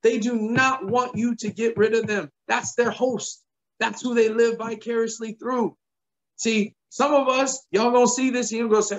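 A man preaching, retelling a story in lively quoted dialogue with emphatic repetition. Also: very high-pitched, moderate pace, lo-fi sound. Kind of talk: sermon storytelling.

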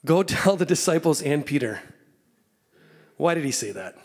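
A man in his thirties with a slightly high voice preaches a church sermon. He tells the story animatedly, dropping to soft low asides and then rising into excited lines. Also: moderate pace. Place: church sanctuary.

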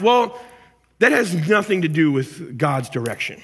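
A man preaching a sermon as pastor, animated and acting out angry complaints before dropping to soft, intimate tones. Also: on the high side, unhurried, breathy edge. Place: church auditorium. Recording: church hall reverb with music.

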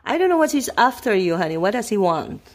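A woman's voice: mid-range voice, sing-song, fast talker, noisy background. A woman vlogging at home at night, chatting casually and cooing baby talk to her dogs. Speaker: vlogger filming her pets. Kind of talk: casual chat.

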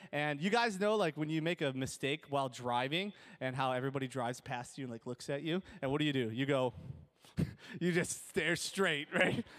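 A young man with an Upper Midwest American accent preaches with a fairly high, bright-pitched voice. He tells his story with lively jokes, laughing at his own punchlines, then moves into teaching. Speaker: pastor. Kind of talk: sermon with storytelling.

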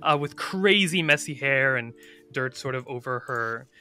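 A man playing a tabletop game, describing his character's actions in halting detail. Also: mid-range voice, animated, sharp tone, smooth, soft background music. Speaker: player.

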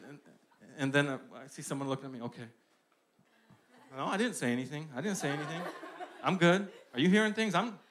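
A young man preaching a sermon, shifting between hushed personal storytelling and loud, emphatic declarations with lots of repetition. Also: medium pitch.

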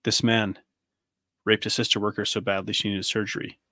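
A man's voice: on the low side, flat delivery, a little fast, sharp tone, no room sound, studio quality. A man in his thirties hosting a podcast, delivering an angry, impassioned monologue full of rhetorical questions. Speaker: podcast host.

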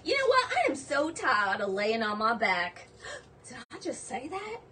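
A woman putting on a put-on Southern US accent to play a vain, flirtatious middle-aged Southern belle with a breathy, coquettish drawl. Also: on the high side, huge pitch swings, measured pace, bright, forceful tone, distant mic, slight background noise, voice pushed down, exaggerated voice. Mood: coy.

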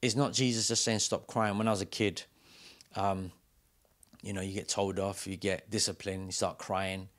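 A man preaching a sermon as pastor in a church, moving between loud emphatic calls and quiet, intimate asides. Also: low-pitched, little pitch movement, normal speed.

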